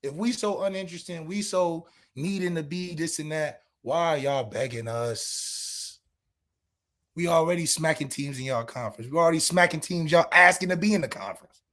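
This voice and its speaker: A man on a sports podcast, trash-talking in a sarcastic rant. His voice sits high and swings widely, and he fires off rhetorical questions that sometimes break into shouts. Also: lively intonation, normal speed. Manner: shouts at peaks. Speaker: podcast co-host.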